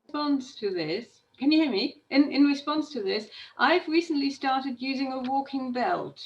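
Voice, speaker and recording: Woman student on a video call, high voice, halting question, dull audio. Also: animated. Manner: halting, repeats words. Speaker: class participant.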